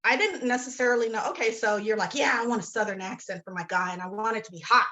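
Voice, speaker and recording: A woman's voice: fairly high pitch, fast, sharp tone, rough recording. A woman author being interviewed, talking in a rambling, self-deprecating way with lots of fillers and restarts. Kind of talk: casual interview chat.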